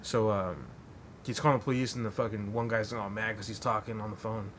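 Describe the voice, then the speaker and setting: A man's voice: on the low side, steady tone, a little fast, fairly bright tone, slight background noise. Rambling, profane male podcast host. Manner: rambling and profane, heavy with fillers. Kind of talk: casual storytelling.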